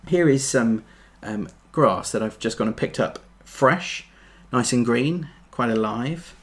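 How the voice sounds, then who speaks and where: A man preaching a sermon, earnest, building to emphatic peaks and then dropping soft. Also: mid-range voice, slow pace.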